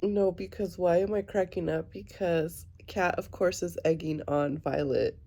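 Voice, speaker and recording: Low, gravelly-voiced woman vlogging. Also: unhurried. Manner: rambling, excitable, many fillers. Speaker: book vlogger. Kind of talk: casual reading vlog chat.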